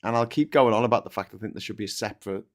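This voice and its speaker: A man's voice: lowish voice, racing. A man hosting a casual political chat show, sarcastic and sweary, slipping into mocking voices. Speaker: podcast host.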